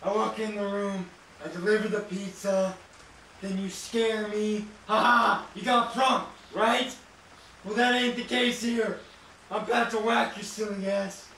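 A man doing jumpy, profane commentary while playing a VR horror game, yelling threats at it, recorded from far off in a very echoey room. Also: high-pitched, fairly even intonation, a little slow, creaky, a little hiss or hum. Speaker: gaming YouTuber.

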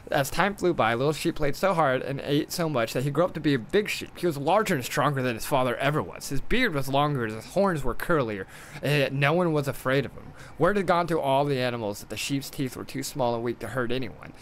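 Man, streamer, storybook read-aloud, mid pitch, stumbles, irreverent asides, faint background hum. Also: expressive, fairly quick, fairly bright tone.

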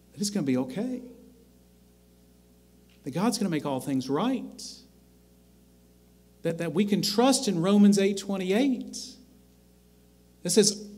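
Slow, deliberate male preacher. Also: medium pitch. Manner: slow, deliberate preaching that swells loud on scripture. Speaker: pastor. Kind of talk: sermon. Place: church sanctuary.

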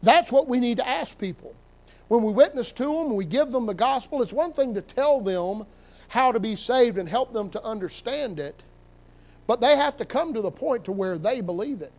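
A man preaching as pastor, reading scripture aloud and swinging between emphatic rises and quiet drops. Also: extremely high pitch, animated, moderate pace. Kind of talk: sermon.

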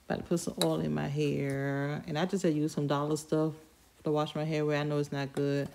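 A beauty vlogger chats casually with her viewers at home while doing her hair, often addressing them as "y'all". Her voice is deep and level with vocal fry, moving a little fast. A loud hair dryer roars over her speech.

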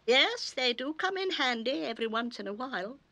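An actress voicing a kindly, fussy old woman storyteller in a 1960s animated musical, talking in a prim sing-song and breaking into song. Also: high-pitched, a little fast, heavy background noise. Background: orchestral music.

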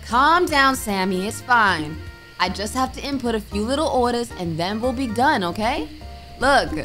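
Bright-voiced woman gaming nervously. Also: medium pitch. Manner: reads game text aloud, mutters item names; jumpy, frightened exclamations. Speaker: gaming streamer. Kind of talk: let's-play commentary.

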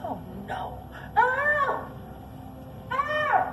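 A woman's voice: extremely high pitch, expressive, a little slow, very noisy. An actress playing a pious rural woman, folksy and bossy as she scolds a stranger. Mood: scolding.

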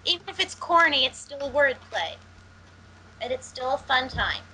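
A woman's voice: high-pitched, lively intonation, moderate pace, bright, forceful tone, a little hiss or hum, low-quality recording. A woman co-hosting a movie podcast, playful and argumentative in banter. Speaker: podcast co-host. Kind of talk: casual chat.

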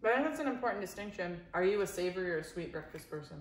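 A woman's voice: lowish voice, animated, racing. Woman doing a food taste test, chatty and laughy, kinda roomy echo. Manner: chatty, laughs often, playfully dramatic. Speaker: co-host taste tester.

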